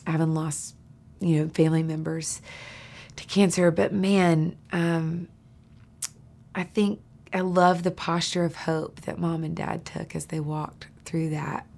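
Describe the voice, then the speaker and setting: Woman guest, lowish and gravelly, earnest and confiding, slips into whispers. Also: little pitch movement, unhurried. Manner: earnest, drops to a soft whisper for emphasis. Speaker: podcast guest. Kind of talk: heartfelt conversational sharing.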